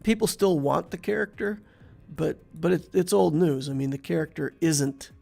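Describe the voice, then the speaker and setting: Gravelly-voiced man commentating a game. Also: a little high, normal speed, faint music behind. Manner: thinks aloud while playing, relaxed and chatty, talks to the viewer. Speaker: game channel host. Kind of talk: casual gameplay commentary.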